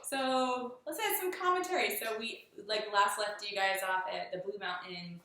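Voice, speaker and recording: A woman's voice: mid-range voice, moderate pace, bright, forceful tone, very echoey, distant mic, low-quality recording. A woman chatting casually through an after-show recap of a hike. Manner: chatty storytelling. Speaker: hiker vlogger.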